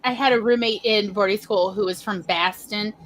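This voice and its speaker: A woman's voice: mid-range voice, normal speed, a little hiss or hum, poor audio. A Southern American woman hosting a casual group chat, playful and affectionate in her talk. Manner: playful and affectionate, lively teasing.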